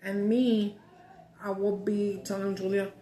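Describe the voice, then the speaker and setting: A woman's voice: mid-range voice, flat delivery, unhurried, warm tone. Roomy-sounding woman venting. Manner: frustrated, cussing, mixing Spanish and English. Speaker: mukbang vlogger. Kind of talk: casual chat while eating. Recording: roomy echo.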